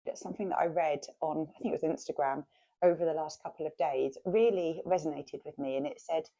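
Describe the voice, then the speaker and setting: A woman's voice: deep voice, a little fast, gravelly, warm tone. A woman chatting casually as she cooks at home for her vlog. She is homely and laughs often. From England. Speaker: vlogger. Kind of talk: casual chat while cooking.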